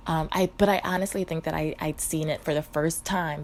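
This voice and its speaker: A woman's voice: low-pitched, fairly even intonation, fairly quick, soft background music. A stoned woman in a rambling, profane, casual storytime, often interrupting herself and laughing. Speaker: vlogger.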